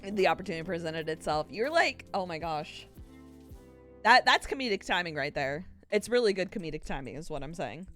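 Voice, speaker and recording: A woman's voice: lowish voice, expressive, brisk, fairly bright tone, soft background music. A woman streamer chatting casually with her viewers, rambling and laughing often at herself. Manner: giggly, rambling, self-mocking. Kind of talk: casual live-stream chat.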